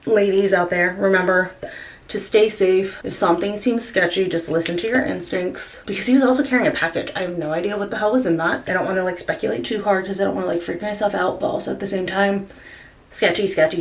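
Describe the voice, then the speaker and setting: A woman's voice: on the low side, a little hiss or hum. A young woman telling a story in a casual vlog, chatty, with many filler words. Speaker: vlogger.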